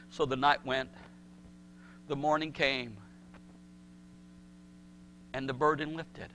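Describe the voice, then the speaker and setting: A middle-aged man preaching a sermon, swinging from shouted pleas to hushed words. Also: on the high side, fairly even intonation, slow, pauses often, a little hiss or hum. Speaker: pastor.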